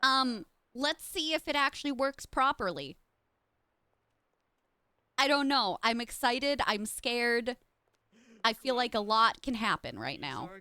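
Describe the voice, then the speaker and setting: A woman's voice: on the high side, sing-song, takes it slowly, long pauses, pushed and bright. A young adult woman streaming live, chatting casually and greeting viewers by name in a bubbly way.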